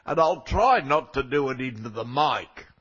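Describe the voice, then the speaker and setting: A man's voice: medium pitch, lively intonation, normal speed, a bit bright, highs cut off. An older man preaching a sermon with a cold, speaking conversationally and making wry asides to the congregation. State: has a cold, coughing now and then.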